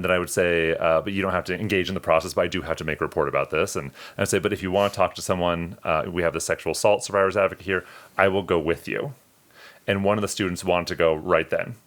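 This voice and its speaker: A man's voice: sits low, a bit bright. A male podcast co-host telling personal stories in an earnest, emotional way, often restarting his sentences. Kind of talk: personal storytelling in conversation.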